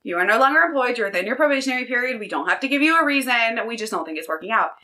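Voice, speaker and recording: A curt, matter-of-fact boss, as a woman quotes him, speaks in flat, brisk tones. The voice is bright and a bit high. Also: far from the mic. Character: curt adult workplace manager firing someone.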